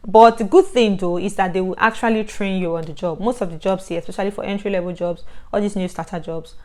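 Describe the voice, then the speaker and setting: Nigerian woman, vlogger, chatty, animated, loud bursts, mid-pitched voice. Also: fast. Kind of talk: casual advice vlog.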